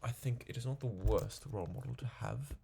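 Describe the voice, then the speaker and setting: A man's voice: medium pitch, a little fast, vocal fry, mellow, a little hiss or hum. A young man chatting to himself while playing a video game, rambling casually from one thing to the next. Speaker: gaming video creator. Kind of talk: casual gameplay commentary.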